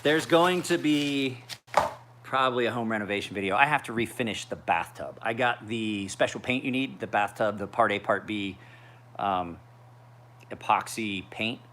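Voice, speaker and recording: A man's voice: fairly low pitch, moderate pace, fairly bright tone, slight background noise. A man in his forties rambling through a casual livestream chat as a knife sharpener, with profane storytelling. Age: 40s. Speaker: knife sharpener streaming live.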